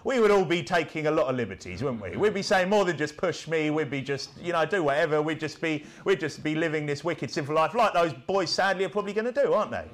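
Preacher guy, sermon, bit high voice, very animated, keeps going "okay? yeah?" at the crowd. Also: fast, few pauses. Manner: punchy, rhetorical, keeps checking in with tag questions.

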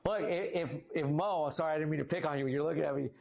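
A man in his thirties preaching a casual sermon as pastor, lively and talkative, rising for emphasis. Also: quick pace, vocal fry. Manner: casual, animated, rises in pitch for emphasis. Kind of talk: conversational sermon.

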